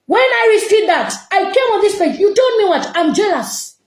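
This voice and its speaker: A woman's voice: very high-pitched, sing-song, normal speed, echoey room, rough recording. A woman from Zambia, giving an impassioned, scolding reaction rant full of rhetorical questions. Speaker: online commentator.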